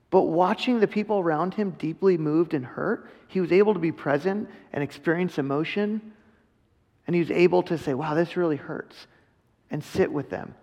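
A man's voice: fairly high pitch, gravelly. A man in his thirties preaching a sermon in a casual, earnest way, slipping into quoted voices. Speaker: pastor. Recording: long reverb of a large hall.

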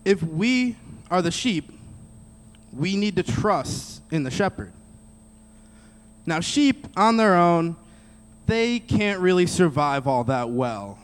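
Preacher guy talking right to the crowd, pretty high voice, echo trailing in a big room. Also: big pitch swings, slow, long pauses. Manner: direct and conversational, speaks straight to the crowd. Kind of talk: sermon. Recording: long reverb of a large hall.

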